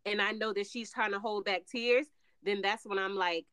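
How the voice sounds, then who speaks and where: A woman hosting a casual podcast chat as a mother, talking calmly and steadily and telling stories with frequent "mm-hmm"s. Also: mid-range voice, clean tone, no room sound. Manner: calm, steady, storytelling, with quick affirmations.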